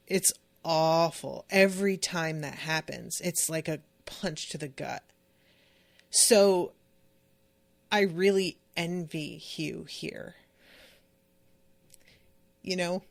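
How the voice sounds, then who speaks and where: A woman podcast host chatting about a book she is reading. She talks slowly, with a somewhat low voice. Her manner is candid and emotional, and she rambles with lots of fillers. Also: gravelly. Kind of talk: casual book-discussion chat.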